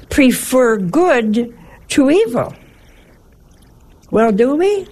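A nun giving a sermon, folksy and humorous, with many rhetorical asides. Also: female voice, lowish voice, a little mellow, husky, rough recording. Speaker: nun giving a religious talk. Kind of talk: sermon with personal anecdotes.

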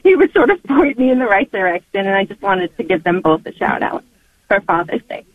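A woman calls in to a radio show over a tinny phone line. She speaks hesitantly, with frequent pauses and fillers, in a dry, narrow sound. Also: medium pitch, very animated, no echo. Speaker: caller. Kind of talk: call-in radio chat.

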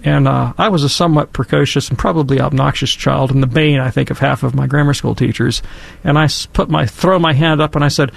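A man telling a story and giving commentary in a casual, animated, emphatic way. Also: mid-range voice, fairly quick, vocal fry, no room sound. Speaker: guest commentator.

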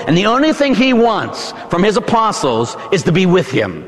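A man's voice: high-pitched, very animated, moderate pace, hardly any pauses. Dramatic preaching man in echoing church. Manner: dramatic, swinging from hushed to shouting. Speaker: Catholic priest. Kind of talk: sermon.

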